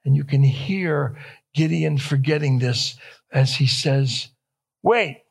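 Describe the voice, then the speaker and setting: A man's voice: mid-range voice, fairly even intonation, slow pace, vocal fry, slightly rough. A young man preaching a sermon, stressing key phrases and repeating them, rising with feeling on quoted questions. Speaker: pastor.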